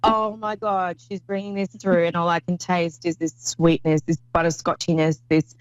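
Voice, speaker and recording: A woman's voice: fairly low pitch, level tone, moderate pace, clean tone, dry recording, lo-fi sound. A woman hosting a call-in psychic reading show, talking in an effusive, rambling way with many restarts. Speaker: psychic medium host.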